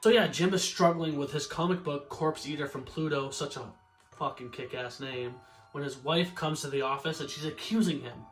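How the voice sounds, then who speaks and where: A man casually reviewing an old horror episode in a relaxed, slangy way, swearing now and then. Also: on the high side, moderate pace, faint music behind.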